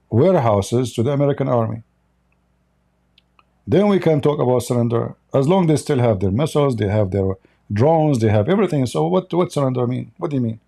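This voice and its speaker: Gravelly, blunt male commentator. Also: mid-range voice, mellow. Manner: blunt, opinionated, with frequent restarts. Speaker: commentary channel host. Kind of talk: livestream political commentary.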